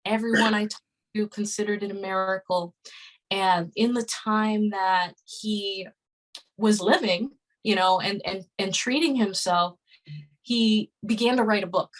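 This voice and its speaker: A woman's voice: mid-range voice, fairly even intonation, unhurried, rough recording. A woman in her thirties speaking as a podcast guest, telling a story casually and earnestly, with many fillers and restarts. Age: 30s.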